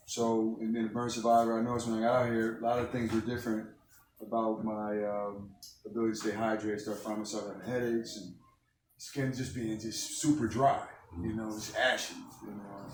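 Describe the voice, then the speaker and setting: A man from Pennsylvania hesitantly telling his own story to a small group, with many pauses. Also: lowish voice, level tone. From Pennsylvania, USA. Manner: hesitant, many fillers and restarts. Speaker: audience member. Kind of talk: casual personal story. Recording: echoey room from a distant mic with faint noise.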